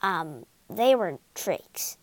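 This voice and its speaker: A woman reading the part of a timid little old man who pretends to be a wizard, speaking with a croak and sheepish manner in a storybook. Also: medium pitch, very animated, slow pace, no room sound.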